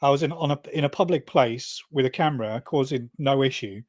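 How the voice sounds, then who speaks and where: A man's voice: medium pitch, a little fast. A man in casual livestream chat, blunt and indignant, swearing freely, heard over a video call.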